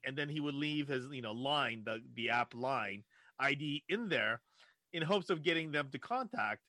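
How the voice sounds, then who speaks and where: A man co-hosting a casual podcast, explaining things in a halting way with frequent restarts. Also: on the high side, expressive, pushed and bright, dry recording. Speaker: podcast co-host.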